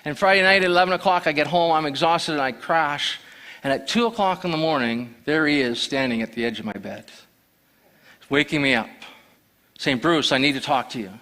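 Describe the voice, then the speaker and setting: A man's voice: fairly high pitch, a little fast, bright, forceful tone. A man telling his personal testimony to a church, earnestly storytelling and acting out the dialogue. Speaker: church member sharing testimony.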